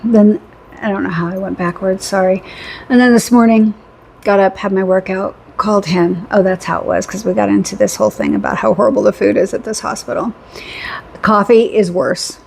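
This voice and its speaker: A woman's voice: mid-range voice, a little fast, vocal fry, darkish tone, slight background noise. A middle-aged woman telling a rambling story in a casual vlog, chatty, laughing often and repeating phrases for emphasis. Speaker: vlogger.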